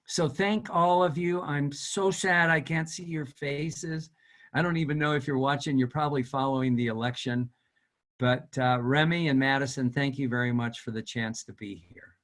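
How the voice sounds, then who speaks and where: A man's voice: mid-range voice, steady tone, normal speed, fairly bright tone. An older man, a retired professor, giving an earnest, exhorting talk over a video call. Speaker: guest speaker, retired professor.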